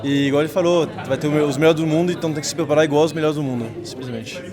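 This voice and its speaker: A man's voice: fairly high pitch, steady tone, racing. A Brazilian man, a rugby player, answering interview questions in an earnest, humble way. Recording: outdoors with loud crowd behind.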